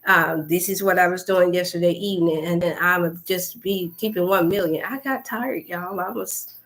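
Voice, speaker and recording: A woman's voice: fairly low pitch, steady tone, moderate pace, fairly bright tone. A woman hosting a casual wellness livestream, talking chattily and directly to her viewers. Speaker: wellness coach and host.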